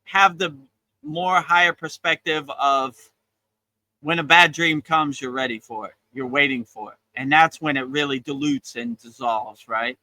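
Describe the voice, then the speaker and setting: A man giving a casual spiritual talk as a teacher, relaxed and encouraging, often repeating his phrases. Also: fairly high pitch, measured pace, dry recording, poor audio. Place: outdoors on a beach.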